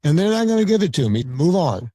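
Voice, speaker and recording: A man's voice: a little high, big pitch swings, fast, mellow, no echo. A man guesting on a podcast, talking in a blunt, argumentative way with frequent stammered restarts. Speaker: podcast guest, documentary filmmaker. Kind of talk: casual podcast conversation.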